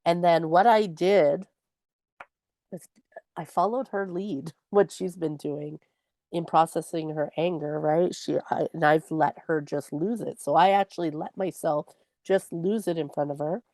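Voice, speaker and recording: A woman's voice: sits low, steady tone, unhurried, darkish tone, no echo. A woman co-hosting a podcast, telling a personal parenting story in an earnest way. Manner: earnest storytelling, acts out her own quoted words. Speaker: podcast co-host. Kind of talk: casual chat.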